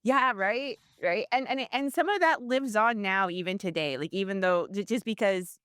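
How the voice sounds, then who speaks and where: A woman co-hosting a casual podcast, talking excitedly and rambling with many restarts. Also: mid-range voice, normal speed, clear, resonant tone, no room sound. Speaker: podcast co-host. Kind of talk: casual chat.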